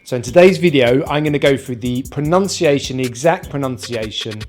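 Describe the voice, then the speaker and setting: A man with a British accent teaching an online pronunciation lesson, speaking slowly and modelling each sound one at a time. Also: medium pitch, darkish tone, faint music behind. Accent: British English, non-rhotic. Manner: slow, careful, demonstrates sounds one by one.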